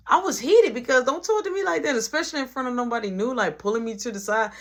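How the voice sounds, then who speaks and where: A woman casually telling a workplace story, animated and punctuating it with "boom" as she acts out every voice. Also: quick pace.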